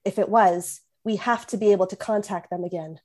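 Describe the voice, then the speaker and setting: A woman voicing a steady female robot squad leader, calm and reassuring. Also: medium pitch, a little fast, natural voice.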